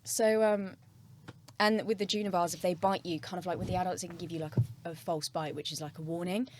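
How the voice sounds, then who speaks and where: A woman guest on a podcast who tells stories in a casual, animated way, swearing freely and trailing off mid-sentence. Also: fairly low pitch, fast, slight background noise. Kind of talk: casual storytelling.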